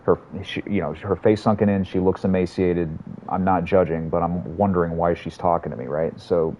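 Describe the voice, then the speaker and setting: Man streaming a game, low voice, rambling and swearing, slightly muffled audio, faint room hum. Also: a little fast. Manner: rambling, profane, storytelling. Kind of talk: casual chat while streaming a game.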